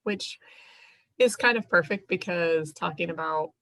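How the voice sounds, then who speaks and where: A woman's voice: on the low side, measured pace, fairly bright tone, no room sound, poor audio. A mother hosting a casual live chat, chatty and laughing often between loose, rambling sentences. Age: young adult or middle-aged mother. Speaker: host.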